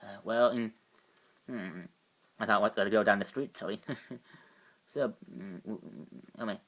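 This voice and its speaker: Man voicing a halting, wry male agent. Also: fairly low pitch, fairly bright tone. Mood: sheepish. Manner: halting, full of restarts and hums. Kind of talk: amateur fan voice acting.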